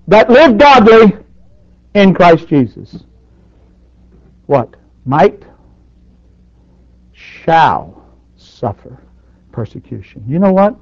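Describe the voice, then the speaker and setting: High, lively preacher man with big swings. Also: no echo. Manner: dynamic preaching, surging loud then dropping soft. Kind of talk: sermon. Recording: dull dry lo-fi recording.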